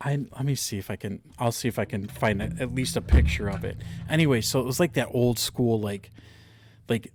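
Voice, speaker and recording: A man's voice: mid-range voice, brisk, noisy background. A man chatting casually, telling a story with many fillers and restarts. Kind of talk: casual chat.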